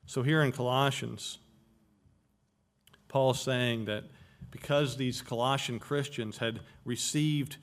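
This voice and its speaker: A man's voice: medium pitch, fairly bright tone. A man preaching an expository sermon, explaining Greek words of a Bible verse and stressing key phrases. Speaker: pastor.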